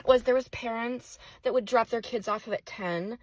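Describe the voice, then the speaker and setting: A young mother vents in a furious, profane vlog rant, swearing and circling back to the same complaints. Her voice is husky and slightly breathy. It sounds dry and close, with no room around it. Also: a little high, moderate pace, hardly any pauses, no echo, rough recording. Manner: profane, exasperated ranting with repeated outbursts. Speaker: single mother of five.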